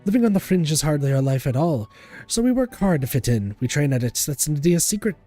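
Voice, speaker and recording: A man's voice: a little high, very animated, a little fast, dark tone, pitched above the performer's own voice. A man voicing a glamorous, vain woman singer while reading game dialogue aloud, in a theatrical, lilting manner. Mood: earnest. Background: game music.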